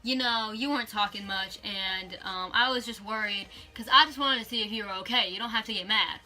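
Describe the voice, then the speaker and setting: Woman doing a smug, self-important guy cousin; bright voice, defensive and pushy. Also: medium pitch, level tone, quick pace, faint music behind, natural voice, low-quality recording.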